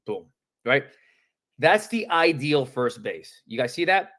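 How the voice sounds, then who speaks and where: A man coaching real estate agents on a live-streamed sales training, talking in energetic, casual slang and acting out phone calls. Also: mid-range voice, takes it slowly.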